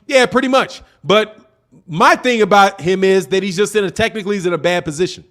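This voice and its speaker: A man's voice: high voice, a little fast, fairly bright tone. A man hosting a live boxing show, reading chat comments and bluntly mocking commenters while repeating his points. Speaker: boxing channel host.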